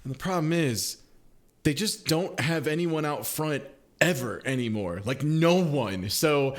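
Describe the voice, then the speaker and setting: A man's voice: a little high, animated, a little slow. A man streaming live, chatting casually as he reacts to a video, swearing freely and laughing often.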